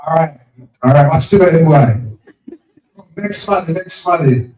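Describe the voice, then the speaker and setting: A man, hosting a live spelling game at an event, brisk and teasing, repeating each word. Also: fairly high pitch, animated, warm tone, slight background noise. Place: event venue with crowd. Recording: echoey, distant from the mic.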